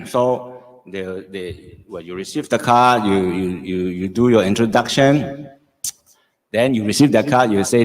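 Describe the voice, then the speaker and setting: A man's voice: fairly low pitch, unhurried. A middle-aged man with a Singaporean English accent, teaching a live-streamed Japanese lesson, repeating phrases and checking in with "okay?" often.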